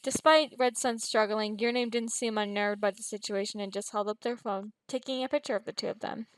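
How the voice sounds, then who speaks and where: A woman's voice: mid-range voice, fairly even intonation, a little fast, no room sound, rough recording. Woman reading a story, stumbling often. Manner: frequent stumbles and restarts. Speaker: fan fiction reader. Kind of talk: storybook narration.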